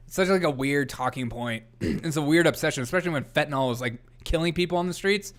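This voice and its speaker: A man's voice: fairly high pitch, brisk, hardly any pauses, a bit bright. A man hosting a casual comedy news livestream, rambling, laughing often and reading chat aloud. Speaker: host.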